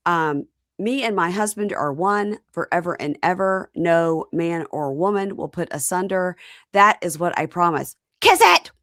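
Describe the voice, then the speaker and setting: A woman voicing a loud, commanding male village priest who shouts his proclamations. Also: on the low side, a little slow, no room sound, studio quality.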